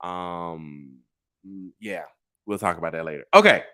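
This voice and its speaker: A man hosting a vlog, telling stories in a sassy, animated way straight to his viewers and laughing at his own tales. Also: low voice, unhurried, no room sound, clean studio sound. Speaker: vlog host. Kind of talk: casual storytelling monologue.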